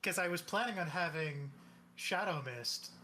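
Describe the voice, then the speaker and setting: A man's voice: a little high, animated, moderate pace, bright, forceful tone, a little hiss or hum. A man playing a tabletop game, chatty and joking. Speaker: player. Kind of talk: casual game-table chat.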